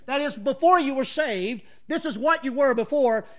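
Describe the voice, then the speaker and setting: Male pastor, very high pitch, animated preacher who shifts between casual asides and emphatic scripture reading. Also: normal speed. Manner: conversational asides with chuckles to the congregation. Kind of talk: sermon. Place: church.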